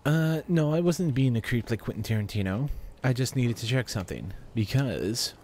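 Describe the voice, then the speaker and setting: A man's voice: medium pitch, animated, moderate pace, a little mellow, slight background noise. A man giving chatty, rambling commentary while he plays a video game, often talking to himself. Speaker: gamer. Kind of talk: let's play commentary.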